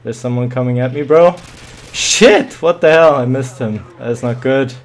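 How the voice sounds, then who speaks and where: A man's voice: mid-range voice, fairly quick, a little mellow. A man commentating his own shooter match live, muttering and swearing with sudden yelps.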